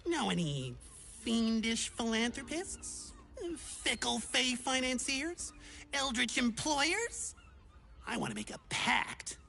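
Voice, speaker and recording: A woman voicing an eager, chatty small male would-be adventurer in a video game, talking in an excitable, theatrical way. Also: on the high side, slow pace, creaky, a little hiss or hum, exaggerated voice.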